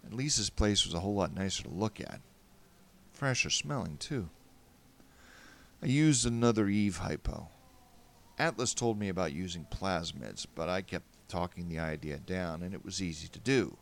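A man narrating a first-person story in a wry, animated way. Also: low-pitched, normal speed, gravelly.

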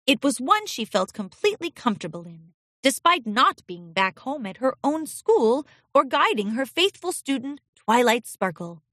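A woman narrating a storybook chapter in an expressive, storytelling way. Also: high voice, moderate pace, no room sound, studio quality.

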